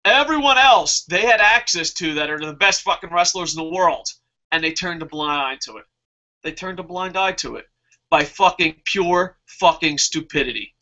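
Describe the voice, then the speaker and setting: A man's voice: high-pitched, moderate pace, bright, forceful tone. A man hosting a wrestling review show, reading viewer comments and ranting heatedly with plenty of swearing. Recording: muffled lo-fi recording.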